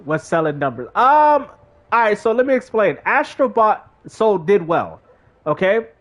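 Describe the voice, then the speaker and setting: A man's voice: high voice, unhurried. A man streaming a game, chatting casually with his chat and using slang. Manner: animated, talks to chat in slang. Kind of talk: casual live-stream commentary.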